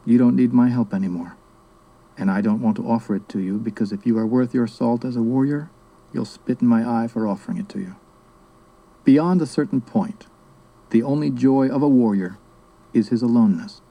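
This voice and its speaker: A man voicing an old male sorcerer teacher who speaks calmly and firmly. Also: mid-range voice, creaky, dull audio. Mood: solemn. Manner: calm, measured, quietly firm.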